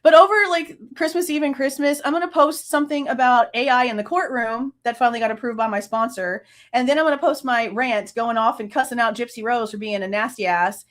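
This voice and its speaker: A woman's voice: on the high side, fairly quick, few pauses. A woman, hosting a true crime livestream, ranting angrily, swearing and laughing between outbursts. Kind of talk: casual livestream rant.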